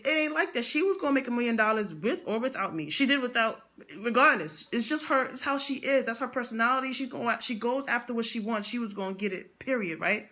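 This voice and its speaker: A woman's voice: a little high, fast, bright, forceful tone. A young adult woman speaking, telling a motivational story with emphatic repetition and slang. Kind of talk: motivational vlog monologue.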